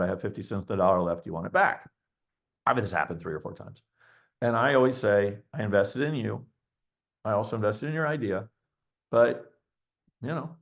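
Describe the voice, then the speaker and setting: A middle-aged man, a venture investor speaking as a webinar guest, talking bluntly and candidly, ranting and acting out quoted voices. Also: fairly low pitch. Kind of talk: candid conversational webinar talk.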